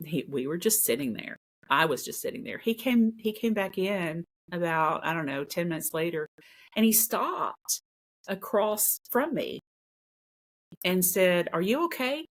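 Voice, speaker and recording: A woman working as a paranormal investigator tells a story in an earnest, casual way, repeating phrases for emphasis. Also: lowish voice.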